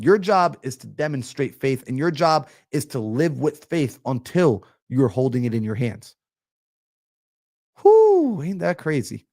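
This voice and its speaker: A man coaching on a live stream, energetic and preachy, acting out little everyday scenes. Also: a little high. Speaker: mindset coach. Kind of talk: motivational live-stream talk.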